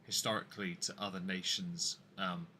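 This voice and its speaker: A blunt, opinionated man talking politics in a casual podcast chat, his voice very bright and forward with a slightly low pitch. He restarts sentences often as he pushes his views, with faint noise behind him. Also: flat delivery, moderate pace. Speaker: podcast co-host.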